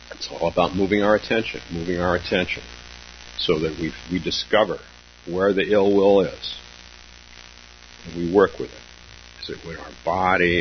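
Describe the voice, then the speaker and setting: A faint hum sits under this dull lo-fi clip of a male Zen teacher's dharma talk. His voice sits low, and he speaks in a slow, reflective, halting way, with pauses and soft laughter.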